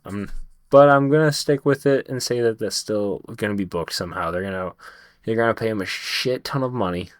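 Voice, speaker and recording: A man's voice: lowish voice, brisk, no echo, clean studio sound. A man reviewing a wrestling show in a casual vlog, rambling, swearing freely and restarting his sentences often. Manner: rambling, profane, frequent restarts.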